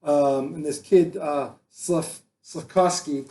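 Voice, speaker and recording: A man's voice: a little high, steady tone, slow pace, mellow, slight background noise. A man hosting a casual sports talk show, rambling and joking with frequent restarts. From Boston area.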